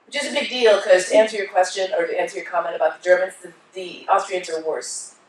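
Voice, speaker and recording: A woman's voice: on the low side, fast. A woman giving a conference keynote, telling stories animatedly and acting out voices. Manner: animated storyteller, acts out voices. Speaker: keynote speaker. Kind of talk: onstage conversation with audience. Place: conference hall. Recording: echoey hall from far off.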